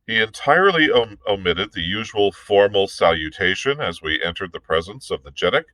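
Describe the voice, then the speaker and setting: Man, librarian, reading a novel aloud, low voice, measured and deliberate, small restarts, dry close sound. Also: lively intonation, bright, forceful tone, no echo, poor audio.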